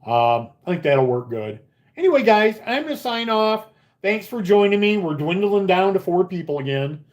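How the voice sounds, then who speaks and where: A middle-aged man hosting a slot channel live stream from a casino, chatting casually and telling stories in an animated way with a lot of swearing. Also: sits high, moderate pace. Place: casino upstairs area.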